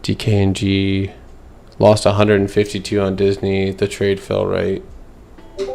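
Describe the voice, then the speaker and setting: A man's voice: low-pitched, completely flat delivery, a little slow, creaky, darkish tone, a little hiss or hum. A man hosting a casual trading livestream, going through charts in a loose, filler-heavy way and answering his chat. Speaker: stock trading streamer.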